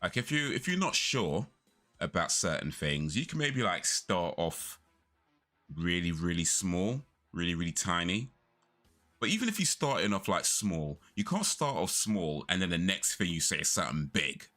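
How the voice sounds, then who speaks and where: A man's voice: deep voice, big pitch swings, normal speed, bright, forceful tone, soft background music. A young man chatting casually on a live stream, rambling through stories and laughing often.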